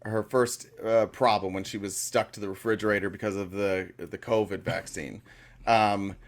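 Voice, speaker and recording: A man co-hosting a comedy podcast, explaining things haltingly and packing his talk with fillers. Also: on the low side, fairly even intonation. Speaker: podcast co-host. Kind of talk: casual comedic chat.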